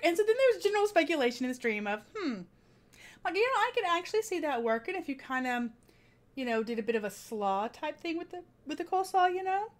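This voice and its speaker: Chatty woman vlogger, lively pitch. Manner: chatty, animated retelling with frequent laughs. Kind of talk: casual vlog storytelling.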